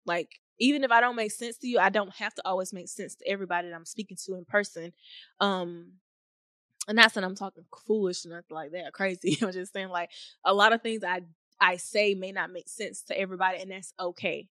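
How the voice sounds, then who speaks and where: A young woman hosts a faith podcast, speaking in a heartfelt, rambling flow with lots of fillers and restarts. She gets choked up and laughs through it. Her voice sits at a middle pitch, recorded very dry and close. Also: steady tone, brisk, no echo. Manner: emotional, near tears, laughing softly. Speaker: podcast host. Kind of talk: faith-based podcast talk.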